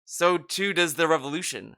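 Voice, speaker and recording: A man's voice: on the high side, expressive, normal speed, gravelly, sharp tone. A man co-hosting a podcast, chatting casually in a rambling way, full of fillers and restarts. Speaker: podcast co-host. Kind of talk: casual chat.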